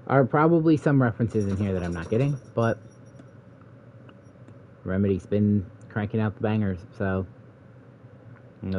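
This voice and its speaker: A man giving relaxed, rambling commentary while playing a video game, thinking aloud as he goes. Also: on the low side, a little hiss or hum. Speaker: let's play gamer. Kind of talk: casual gameplay commentary.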